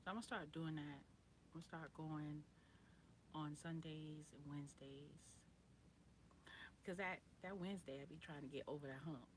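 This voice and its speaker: Woman, livestream host, lowish voice, rambling casual slang, chats with viewers. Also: fairly even intonation, normal speed, pauses often, a little hiss or hum. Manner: rambling, chatty, greets viewers by name, slangy.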